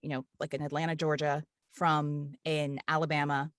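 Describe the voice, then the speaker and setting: A woman with a lowish voice and an easygoing Southern lilt talks through an interview in a loose, chatty way, full of little fillers. The sound is dry and close, with no room around it. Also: level tone, normal speed, fairly bright tone, dry recording. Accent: Southern US cadence. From Kentucky. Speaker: audiobook narrator and voice actor. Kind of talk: casual interview chat.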